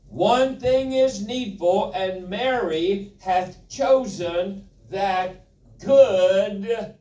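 Brief: male preacher teaching from the Bible, slow and folksy, heard from far off in a church hall. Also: sits high, a little mellow, muffled recording. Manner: folksy, joking, asks the congregation questions. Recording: roomy, from a distance.

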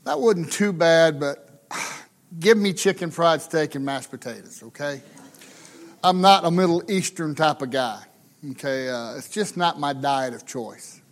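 Folksy, high-voiced American pastor. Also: male voice, unhurried. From United States. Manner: folksy, chatty, tag questions. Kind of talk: humorous sermon storytelling.

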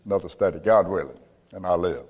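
A man preaching a sermon as pastor, emphatic and building to loud peaks. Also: sits low, fast talker, husky, in a large hall. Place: church.

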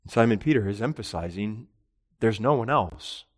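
A man preaching an expository sermon, reading scripture aloud and explaining it, rising to emphatic peaks and dropping low. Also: lively intonation, moderate pace. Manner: rises to emphatic peaks and drops to quiet; reads scripture in old-style wording, then explains.

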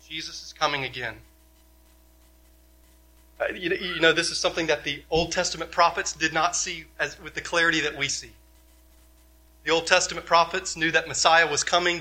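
A male pastor preaching a sermon, emphatic, asking many rhetorical questions and swinging from loud to quiet. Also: a little high, fairly even intonation, fairly quick.

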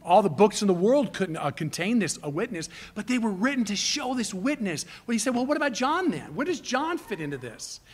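A man preaching a sermon, emphatic, swinging between loud appeals and hushed near-whispers. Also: sits high, big pitch swings, fairly quick, few pauses, slightly rough.

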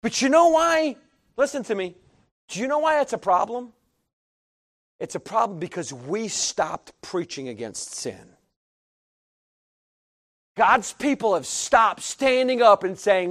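A middle-aged man preaching a sermon, emphatic, swinging between hushed and loud delivery. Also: sits high, big pitch swings, a little slow, pauses often.

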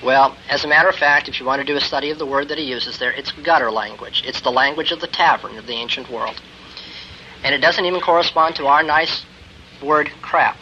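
A man giving a classroom lecture on Christian ethics, emphatic and building to forceful exclamations. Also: medium pitch, fairly quick. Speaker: theology lecturer. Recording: dull lo-fi lecture tape with faint hiss.

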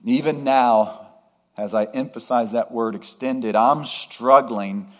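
A man preaching a sermon in a measured way, with emphatic rises on key words. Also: medium pitch. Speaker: pastor.

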